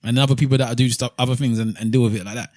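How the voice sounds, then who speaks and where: A man's voice: medium pitch, steady tone, very fast, darkish tone, dry recording, studio quality. A man co-hosting a casual podcast chat, arguing his points and repeating words while he searches for them. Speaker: podcast co-host.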